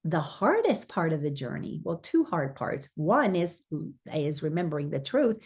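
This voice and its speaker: Woman, spiritual teacher, slightly breathy and low; earnest, encouraging lesson talk. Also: very animated, measured pace, a little mellow.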